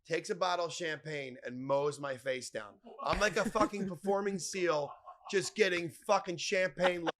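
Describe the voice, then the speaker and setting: A man telling wild stories as a podcast guest, animated and profane, acting out other people's lines. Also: sits high, moderate pace. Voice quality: animated, profane, acts out quoted voices. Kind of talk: casual storytelling.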